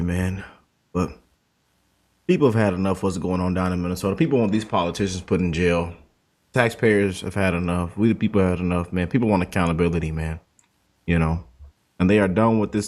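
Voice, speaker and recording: A man's voice: low-pitched, darkish tone. A male show host giving casual commentary, loose and talkative, calling his audience family.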